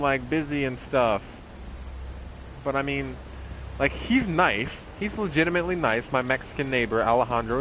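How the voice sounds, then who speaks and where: A man's voice: mid-range voice, noisy background. A man streaming a game, chatting in a rambling, profane way with lots of fillers. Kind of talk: casual chat while streaming a game.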